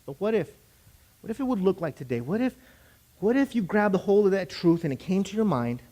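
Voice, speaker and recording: A young pastor with a high, light man's voice, preaching to his congregation. He swells to emphatic, declarative peaks and calls on the room to repeat lines after him. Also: very animated, a little fast, dark tone. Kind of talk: sermon.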